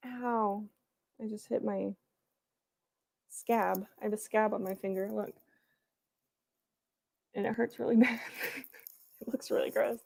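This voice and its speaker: A woman's voice: medium pitch, steady tone, measured pace, gravelly, pauses often, a little mellow. A young woman hosting a writing livestream from her room, chatting casually and playfully as she reads out chat comments. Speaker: livestream host.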